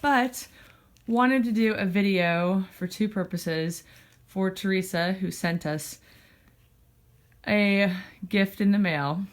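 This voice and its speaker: A woman's voice: medium pitch, slow. A woman hosting a casual cat vlog at home, chatty and rambling with lots of fillers, a little out of breath. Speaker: cat blog host. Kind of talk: casual vlog talking to her cats and viewers. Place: indoors at home.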